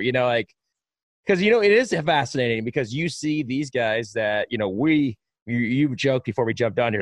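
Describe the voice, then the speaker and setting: A male podcast host with a broadcaster's background, telling stories with animated emphasis. His voice is mid-pitched and recorded dry and close, with no room sound. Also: quick pace, no echo. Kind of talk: casual podcast conversation.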